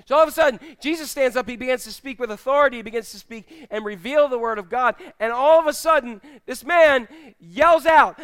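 Animated high-voiced male preacher. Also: fairly quick, clear, resonant tone. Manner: conversational, animated, addresses the congregation directly. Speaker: pastor. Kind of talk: sermon. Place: church.

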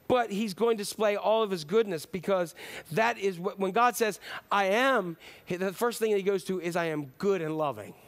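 Casting: male pastor, high voice, chatty animated sermon delivery. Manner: conversational, animated preaching with acted-out quotes.

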